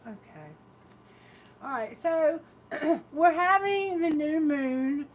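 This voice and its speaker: A woman's voice: sits high, slow, poor audio. A woman with a Southern American drawl, reading tarot on a live stream from her phone, chatty and laughing often as she greets viewers. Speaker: tarot reader.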